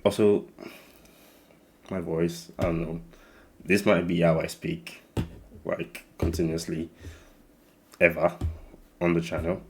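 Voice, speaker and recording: Deep, flat-voiced young man rambling. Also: slow, pauses often. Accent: Nigerian English mixed with slight American. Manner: rambling, many restarts and fillers. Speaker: channel host. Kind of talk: casual channel introduction.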